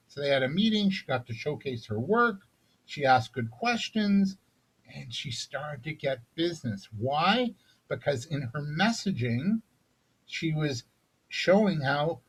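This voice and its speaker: A man's voice: a little high, breathy edge, rough recording. A man giving a business coaching talk on selling, conversational, often checking in with "right?" and restarting phrases. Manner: conversational, frequent "right?" tag questions and restarts. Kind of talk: recorded sales seminar talk.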